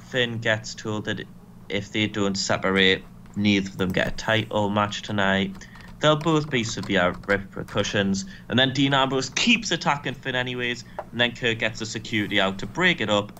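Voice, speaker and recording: A young man co-hosting a casual game commentary, briskly recapping match results with dry asides. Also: fairly low pitch, pushed and bright, slight background noise. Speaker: co-host and booker.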